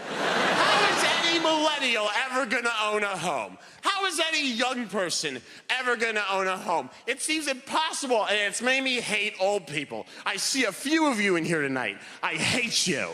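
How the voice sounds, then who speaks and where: Animated male comic with a bright voice. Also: sits high, moderate pace. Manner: animated, wry storytelling. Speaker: stand-up comedian. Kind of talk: stand-up comedy. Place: comedy venue stage. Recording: live hall reverb, faint room noise.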